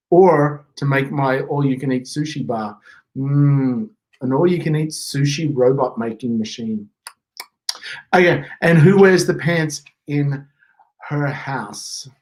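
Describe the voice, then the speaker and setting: A man's voice: medium pitch, slow pace, long pauses, darkish tone, rough recording. A man co-hosting a giveaway livestream, joking and playful in casual chat. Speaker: co-host.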